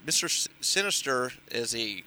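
Male co-host, casual and chatty, bright forward voice, lots of ums and restarts. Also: medium pitch, big pitch swings, moderate pace, a little hiss or hum. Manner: rambling, filler-heavy recap with frequent restarts. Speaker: podcast co-host reviewing comics. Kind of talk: casual chat.

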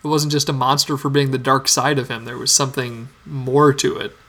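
A man's voice: medium pitch, flat delivery, brisk, fairly bright tone. A man in casual discussion, talking through his reaction in a thoughtful, analytical way.

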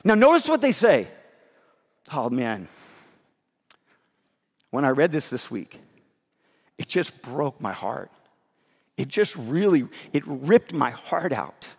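A male pastor delivers a sermon in a high voice, emphatic and conversational. He is losing his voice and sounds hoarse and winded. His words ring out with a long reverb in an echoing hall. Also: very animated, slow pace, long pauses.

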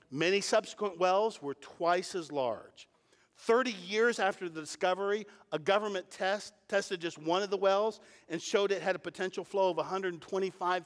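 A man pastor preaching a sermon, explaining verses and building to emphatic points. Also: long reverb tail. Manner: emphatic preaching, rising in pitch and volume at key points.

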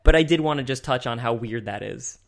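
A man's voice: medium pitch, fairly quick, gravelly, slight background noise. Rambling young man chatting on a podcast. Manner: rambling, chuckling often. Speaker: podcast host. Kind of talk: casual chat. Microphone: desk microphone.

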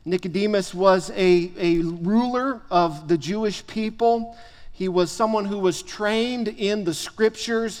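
A man with a notably high voice delivers a sermon from the pulpit. He stresses key phrases by saying them twice. His words ring out with a long reverb from a large hall. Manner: emphatic, repeats phrases for stress. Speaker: pastor.

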